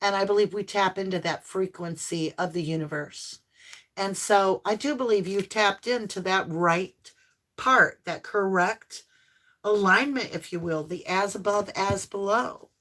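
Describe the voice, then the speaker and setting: A woman's voice: mid-range voice, sharp tone, slight background noise. A woman doing a live tarot reading for her viewers, talking in an effusive, affirming way with lots of exclamations. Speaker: tarot reader.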